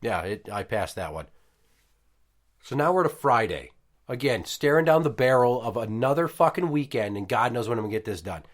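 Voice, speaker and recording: A podcast host in his thirties, speaking at medium pitch and a moderate pace, tells a casual story full of profanity, animatedly voicing the other people in it.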